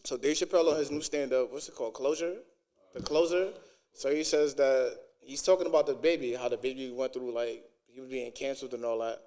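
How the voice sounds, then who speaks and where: A man's voice: mid-range voice, fairly even intonation, a little fast, mellow. A man co-hosting a casual podcast, asking questions in a laid-back, slangy way. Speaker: podcast co-host.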